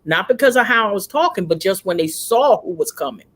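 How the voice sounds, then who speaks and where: A woman's voice: mid-range voice, brisk. A woman hosting a casual discussion on a video call, telling stories animatedly and acting out voices. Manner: warm, animated storyteller, acts out voices. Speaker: host.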